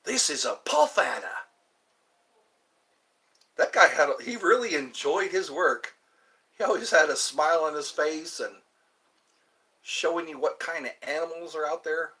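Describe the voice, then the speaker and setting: Chatty male vlogger, slightly high bright voice, loose meandering delivery. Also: moderate pace. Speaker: channel host. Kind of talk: rambling casual vlog chat.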